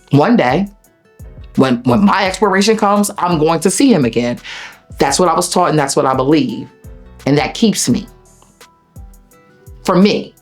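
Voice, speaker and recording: A woman with a Delaware accent, an interview guest telling a personal story in a blunt, profane, animated way. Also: deep voice. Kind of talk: emotional storytelling.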